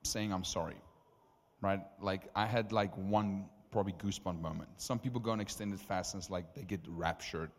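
A man preaching as the preacher, telling stories in an animated, conversational way with many asides. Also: deep voice, normal speed, hardly any pauses. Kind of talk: sermon storytelling. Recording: reverberant hall.

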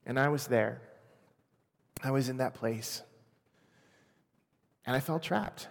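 A man in his forties from Washington state, sharing a personal testimony in an earnest, quiet, emotional way. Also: mid-range voice. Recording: long hall reverb.

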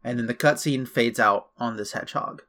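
Host, casual man recapping a game plot, bright forward voice. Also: mid-range voice, brisk. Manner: chatty, loose recap with fillers and asides. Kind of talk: casual chat.

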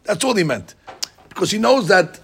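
Gravelly-voiced man teaching Talmud. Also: sits high, normal speed. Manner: animated, explains by acting out both sides in quotes. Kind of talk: Talmud study class.

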